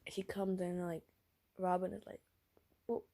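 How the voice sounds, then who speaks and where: A woman's voice: on the low side, normal speed, dark tone. A tired woman narrating a role-play story in a casual, rambling, giggly way. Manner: giggly, rambling, self-conscious.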